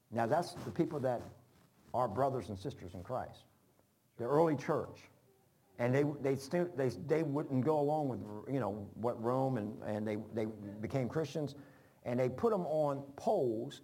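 A man's voice: mid-range voice, warm tone. A man preaching an informal sermon, folksy and rambling, repeating phrases for emphasis. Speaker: pastor.

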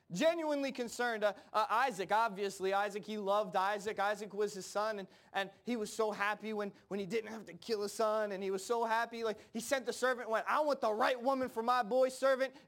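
Man, high voice, casual sermon, acts out characters, repeats phrases. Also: a bit bright. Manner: repeats words and phrases, frequent fillers. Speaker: preacher.

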